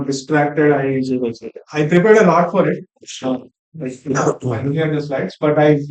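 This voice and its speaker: A man's voice: on the high side, a little mellow. A young man joining a workshop to share public speaking tips, hesitant and full of fillers. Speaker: workshop participant. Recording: dull, roomy sound from far off the mic.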